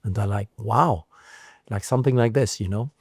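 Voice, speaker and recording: Middle-aged French-accented man, low voice. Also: normal speed, breathy edge, no room sound, clean studio sound. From France. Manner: many restarts and fillers, storytelling. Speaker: guest, spirits producer. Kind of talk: casual interview chat.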